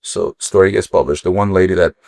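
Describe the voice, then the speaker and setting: A middle-aged man from Ukraine, a watch dealer, telling stories in casual chat, animated and swearing freely. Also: sits low, brisk, creaky, no echo, studio quality. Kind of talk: casual storytelling.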